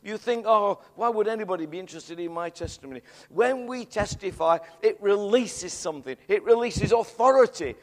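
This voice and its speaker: A middle-aged man preaching a sermon, telling a story in an animated way that swells into excited shouts. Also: high voice, normal speed, hardly any pauses. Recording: long hall reverb.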